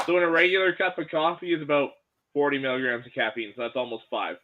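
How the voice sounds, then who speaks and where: A man's voice: on the high side, fairly even intonation, quick pace, narrow, tinny audio, a little hiss or hum. A man co-hosting a casual sports podcast, laid-back and teasing. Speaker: podcast co-host.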